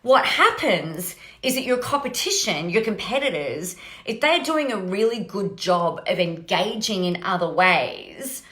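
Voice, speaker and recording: A woman hosts a solo podcast, talking energetically in a rambling, casual way and often checking in with "right?". Her medium-pitched voice is very animated and sharp, her pace a little slow, and the recording has a roomy echo.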